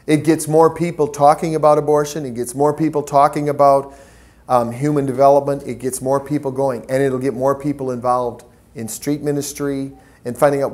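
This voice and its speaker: A man giving a training talk to volunteers, telling stories in a preacherly, animated way. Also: medium pitch. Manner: preacherly, storytelling, lively acted quotes. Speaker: pro-life petition trainer.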